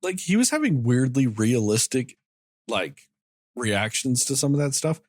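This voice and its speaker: A man's voice: medium pitch, very animated, measured pace, no room sound, clean studio sound. A man co-hosting a movie review podcast, talking casually and animatedly, swearing freely and acting out characters' lines. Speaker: podcast co-host.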